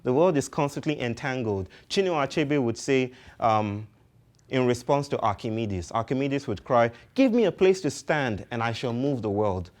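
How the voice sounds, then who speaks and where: A man from Nigeria speaks to a live audience in a poetic, philosophical way. He leans on repetition to drive each idea home. His voice sits at a middle pitch. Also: animated, moderate pace, a little mellow. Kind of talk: public talk.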